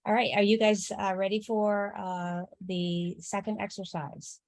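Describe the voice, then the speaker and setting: A woman's voice: mid-range voice, flat delivery, measured pace, darkish tone, no echo. A woman co-hosting an online writing chat, casually explaining an exercise with lots of "um" and "like". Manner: encouraging, explains with fillers. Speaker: co-host. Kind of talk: casual workshop talk.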